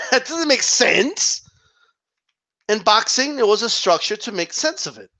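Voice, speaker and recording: A boxing channel host delivering an emphatic opinion rant, repeating himself and tossing in rhetorical asides. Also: male voice, extremely high pitch, very animated, unhurried, pushed and bright.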